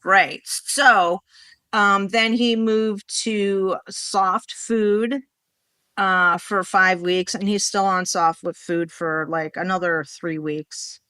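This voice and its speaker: Bright-voiced animated woman telling a story. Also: mid-range voice, slow, clean tone, no room sound. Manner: animated, rambling, acts out quoted dialogue. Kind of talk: casual storytelling in a podcast conversation.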